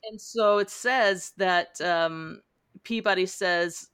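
A woman's voice: fairly low pitch, takes it slowly, a bit bright, clean tone. A woman hosting a casual book club podcast. She chats, reads passages aloud and laughs often. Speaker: podcast host.

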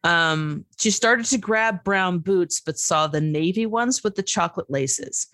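A woman hosts a relaxed book-club conversation, chatty and full of fillers as she reads passages aloud. Her voice sits a little low for a woman. The sound is close and dry. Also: a little slow, dry recording. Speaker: book discussion host. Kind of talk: casual book club chat.

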